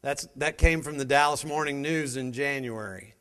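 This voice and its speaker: A man giving an energetic motivational speech to a live sales audience, firing rhetorical questions at the crowd. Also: mid-range voice, normal speed. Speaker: motivational speaker at a sales meeting. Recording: long hall reverb.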